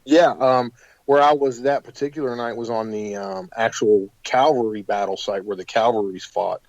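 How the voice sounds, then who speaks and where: Low-voiced man telling ghost stories. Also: normal speed, no echo, highs cut off. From United States. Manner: animated, hesitant with many fillers. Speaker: guest paranormal investigator. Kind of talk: casual interview storytelling.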